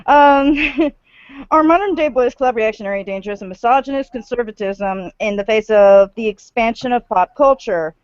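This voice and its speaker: A woman with a somewhat high voice reads an article aloud for a stream, dropping sarcastic remarks along the way. Her voice is dry and close, with no room around it, but muffled, as over a lo-fi online call. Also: normal speed, no echo. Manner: sarcastic asides while reading. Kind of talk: casual chat and reading aloud.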